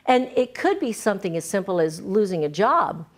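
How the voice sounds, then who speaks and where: A woman's voice: lowish voice, brisk, hardly any pauses. A woman interview guest talking earnestly and encouragingly, often checking in with "right?". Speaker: guest, singer-songwriter and author. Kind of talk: candid interview conversation.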